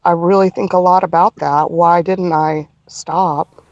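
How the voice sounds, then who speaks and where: Middle-aged woman recounting a hard memory, low voice, dry close sound, halting. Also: fairly even intonation, darkish tone, dry recording, dull audio. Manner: earnest storytelling, halting, with restarts. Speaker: guest. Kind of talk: personal story in a podcast interview.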